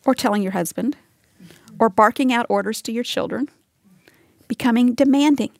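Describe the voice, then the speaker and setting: Woman Bible teacher, fairly high voice, dry close sound, earnest and conversational with her listeners. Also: moderate pace, darkish tone, dry recording. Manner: earnest, talks straight to listeners with rhetorical questions. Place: live teaching session with women listening.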